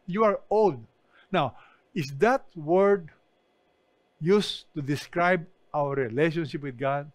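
A man's voice: on the high side, slow pace, no echo. A man preaching an online sermon as pastor, emphatic and often asking his listeners questions. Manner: emphatic, asks the congregation questions.

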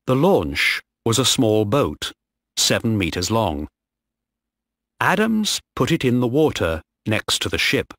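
A man narrating a story slowly and clearly for English learners. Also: medium pitch, very animated, a bit bright, no echo, clean studio sound. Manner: slow, clear reading.

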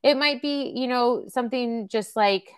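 A woman in her thirties or forties hosts a parenting webcast in a fairly high, slightly slow voice that is clear and resonant. Her casual teaching talk is chatty, full of fillers and acted-out example quotes.

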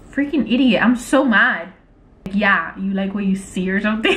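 A woman's voice: mid-range voice, moderate pace, roomy sound. Exasperated chatty woman vlogger. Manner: expressive, exasperated, swears, many fillers. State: pregnant. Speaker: vlogger, prank channel co-host. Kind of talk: casual vlog chat while texting.

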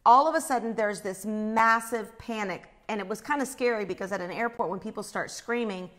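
A woman telling a personal faith story in an animated way, acting out the screams she describes. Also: mid-range voice, brisk.

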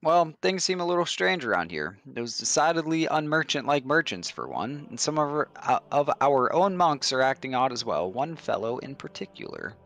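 A man's voice: medium pitch, sing-song, normal speed, hardly any pauses, fairly bright tone. A man reading a worried fantasy monk. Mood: uneasy. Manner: polite, hesitant, uneasy. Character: worried male monk of a library keep.

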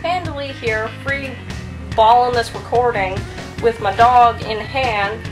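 A woman's voice: on the high side, unhurried, over music, low-quality recording. A woman talking casually to camera in a vlog, stumbling and restarting her words.

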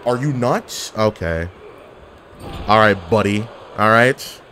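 A man giving casual, excitable commentary while playing a video game, trash-talking and laughing often. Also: lowish voice, slow pace, a little hiss or hum. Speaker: gaming commentator.

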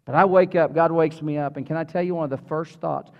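A middle-aged man preaches in a church with a high voice, animated and chatty, joking with the congregation. His voice carries a long reverb from the sanctuary, and the recording sounds a bit dull. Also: fast. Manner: animated, conversational preaching with humor and audience asides. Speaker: pastor. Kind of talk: sermon.

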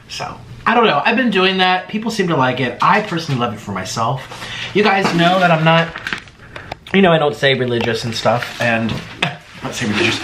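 A man hosting a mukbang eating show, chatting casually and excitedly to his viewers. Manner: hyper and excitable, swooping pitch. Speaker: mukbang host. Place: home in Florida. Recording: echoey room, faint noise.

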